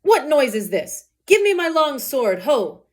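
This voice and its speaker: A woman reading the lines of an older, hot-headed nobleman demanding his sword, loud and demanding. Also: high voice, big pitch swings, measured pace, voice pushed up.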